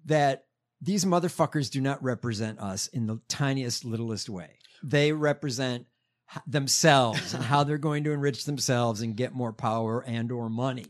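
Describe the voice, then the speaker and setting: A man's voice: mid-range voice, normal speed. A man co-hosting a casual political chat show, reading news stories aloud with profane sarcasm. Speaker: podcast co-host.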